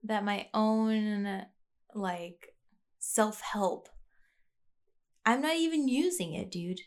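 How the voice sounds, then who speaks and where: A woman's voice: medium pitch, drawn-out words, pauses often. A young woman talking alone into her podcast mic, rambling and reflective, full of fillers and restarts. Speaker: podcast host. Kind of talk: casual personal monologue. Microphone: plugged-in podcast mic.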